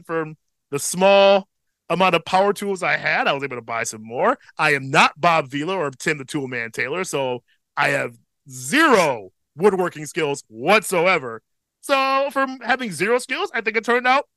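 A man in his thirties co-hosting a casual podcast chat, relaxed and profane, with a slight tickle in his throat. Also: high-pitched, normal speed, no room sound. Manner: laid-back, profane, chuckles often. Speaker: podcast co-host.

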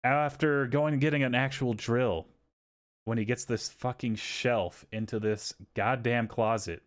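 A man hosting a podcast, telling a story in casual, profane, animated chat and acting out what people said. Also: medium pitch, a little slow. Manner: animated, profane, acts out quotes. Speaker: podcast host.

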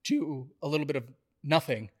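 A man from New York co-hosting a casual podcast chat, upbeat and quick to agree. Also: on the high side. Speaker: podcast co-host.

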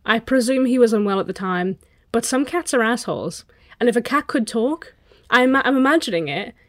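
A woman's voice: a little high, expressive, normal speed, no room sound, studio quality. A woman co-hosting a podcast, telling a story in a joking, casual way and swearing now and then. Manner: jokey, swears, acts out silly voices. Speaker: podcast co-host.

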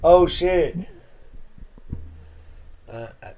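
A young man co-hosting a podcast, rambling and swearing as he tells stories excitedly in casual chat. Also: on the high side, extremely slow, a little hiss or hum. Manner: rambling, profane, excitable storytelling. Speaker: podcast co-host.

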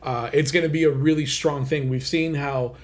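A man's voice: on the high side, steady tone, normal speed. A man co-hosting a countdown list show, talking in an enthusiastic, loose way with lots of casual fillers. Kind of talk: casual chat.

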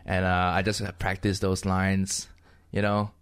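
A man's voice: low-pitched, monotone, unhurried, fairly bright tone, clean tone. A young man from Malaysia, a comedian guest on a podcast, chatting casually and laughing often. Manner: joking, laughs often, tries accents.

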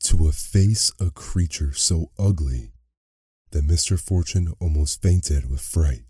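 A man narrating a bedtime story in a soft, unhurried way. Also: a bass voice, steady tone, slightly rough, no echo, clean studio sound. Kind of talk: slow bedtime story reading.

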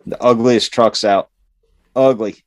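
A man with a lowish voice talks a little slowly, with no room sound on the recording. He's telling a foul-mouthed work story in casual conversation, bringing the characters to life and raising his voice for their lines.

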